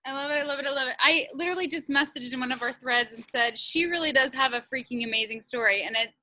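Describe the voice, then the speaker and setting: A woman's voice: high-pitched, fast talker, bright, forceful tone, slight background noise. A woman team leader reacting effusively on a video call, swearing casually. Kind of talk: casual chat.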